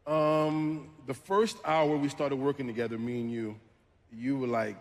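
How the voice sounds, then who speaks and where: A man whose first language is French, a voice actor telling anecdotes on a panel, relaxed and often laughing. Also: medium pitch, unhurried. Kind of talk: casual panel storytelling. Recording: long reverb from a convention hall stage.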